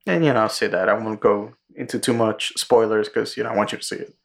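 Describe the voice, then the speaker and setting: A man co-hosting a podcast, casually retelling a movie plot with lots of swearing and quick character voices. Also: on the low side, creaky. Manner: profane, animated storytelling with quick character impressions. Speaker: podcast co-host.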